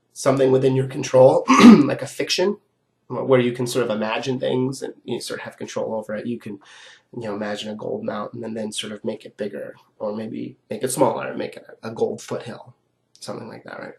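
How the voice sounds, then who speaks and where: A man with a sick, rough voice giving a recorded philosophy lecture, explaining step by step in a conversational way and often checking in with "right?". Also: mid-range voice, steady tone, fairly quick.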